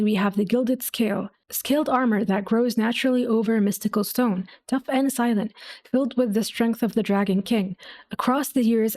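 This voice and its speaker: A woman's voice: fairly high pitch, darkish tone. A woman reading game lore aloud to her viewers, with gushing, affectionate asides between entries. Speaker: gaming video creator.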